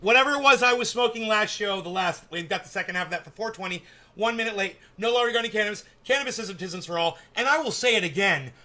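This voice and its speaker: A man hosting a live cannabis stream, ranting and swearing heavily, moving between low muttering and loud, excited outbursts. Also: quick pace. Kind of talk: profane ranting live show chat.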